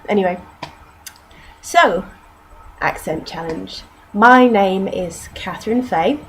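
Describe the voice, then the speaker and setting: A young British woman with a patchwork accent, mostly southern English with northern and Canadian traces, talking in a relaxed, self-mocking vlog. She speaks at an unhurried, slow pace, and her voice sits at an ordinary middle pitch. A faint room hum runs underneath. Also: poor audio. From North Yorkshire, England. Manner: chatty and self-mocking, drops in mild swearing. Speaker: vlogger. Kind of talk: casual accent-challenge vlog, reading word lists aloud.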